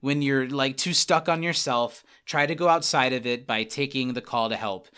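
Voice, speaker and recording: A man's voice: mid-range voice, bright, forceful tone, clear, resonant tone. A man hosting a podcast, casually recapping a TV episode in chatty fashion over a remote call. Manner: chatty, retelling scenes with quick quoted voices. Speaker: podcast host. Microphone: remote call mic.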